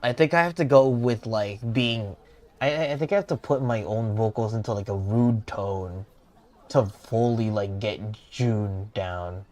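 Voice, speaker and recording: A young man streaming a game, commenting in a casual, excitable, slangy way and laughing at his own voicing. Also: lowish voice, measured pace.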